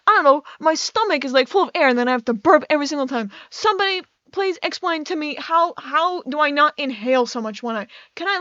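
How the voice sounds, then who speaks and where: A woman's voice: sits high, bright, forceful tone, no echo. Young woman, native Dutch speaker, rambling gameplay chatter, stammered restarts, slightly dull recording. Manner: rambling, self-interrupting, frequent stammered restarts. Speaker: gaming YouTuber. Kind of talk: casual rambling commentary while playing.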